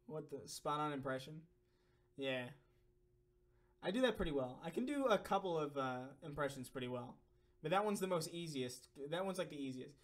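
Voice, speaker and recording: A man's voice: a little high, lively intonation, unhurried, pauses often. A young man streaming, reading donation messages and answering viewer questions in a rambling, profane, filler-heavy way. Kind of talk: casual live-stream Q&A.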